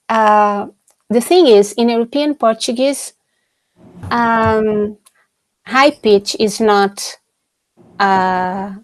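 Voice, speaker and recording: A woman's voice: mid-range voice, no room sound. A woman researcher answering audience questions in an academic webinar over a video call. She talks hesitantly, with many fillers and restarts.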